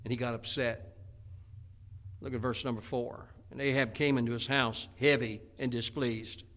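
A man preaching a sermon, telling a Bible story in a lively, dramatic way. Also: medium pitch, normal speed. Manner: animated storytelling preaching, acting out scripture characters.

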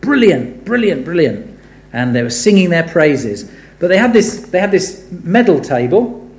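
A man preaching a sermon, animated and building to emphatic rhetorical questions. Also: on the high side, normal speed. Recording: echoey room.

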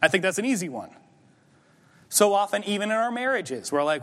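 A man's voice: high voice, very animated, brisk, long pauses. Man preaching with hall reverb. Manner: conversational preaching, rising to emphatic peaks. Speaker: pastor. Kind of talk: sermon. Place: church sanctuary.

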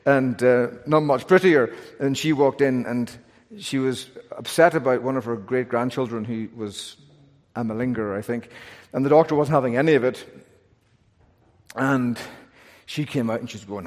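A male pastor delivers an earnest sermon from the pulpit. His voice sits in the middle register and is animated, with flashes of self-deprecating humor. Long reverb from the church sanctuary trails after each phrase. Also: mid-range voice.

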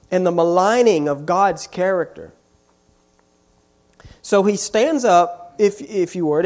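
A preacher delivering a sermon at an unhurried pace, leaning hard on repeated phrases. The voice swoops up and down with lively, animated pitch, pressing each point home with growing force. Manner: emphatic, repeats key phrases with rising force. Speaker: pastor.

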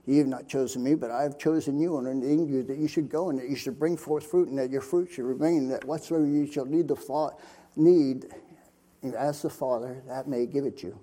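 A man's voice: medium pitch, steady tone, fairly quick, mellow. An older man from Pennsylvania, a missionary preacher, telling his testimony in a folksy sermon style full of fillers. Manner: folksy storytelling with many fillers.

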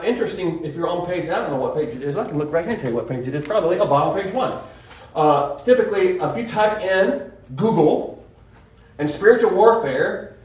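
A man's voice: fairly high pitch, a little mellow. A man preaching a sermon in an earnest, rambling way, often restarting his sentences. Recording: very echoey room, voice from far off mic.

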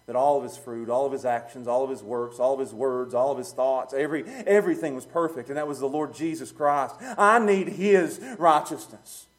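A man preaching a sermon, plain-spoken and chuckling, swinging from quiet low musing to loud emphatic peaks. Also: brisk, few pauses. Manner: plain-spoken, uses street talk and chuckles.

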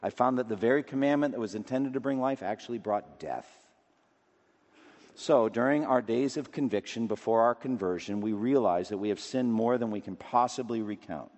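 A man preaching a sermon with emphatic delivery, rising to loud declamation and dropping low again. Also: normal speed. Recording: long reverb of a large hall.

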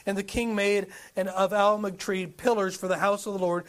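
Guy with a high voice preaching, lots of questions, reads verses out loud. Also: normal speed. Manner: animated, asks many rhetorical questions, reads scripture aloud. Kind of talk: sermon.

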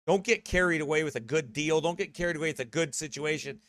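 A man's voice: fairly high pitch, fast, a bit bright, slight background noise. A man preaching a sermon in a conversational, earnest way, often correcting himself.

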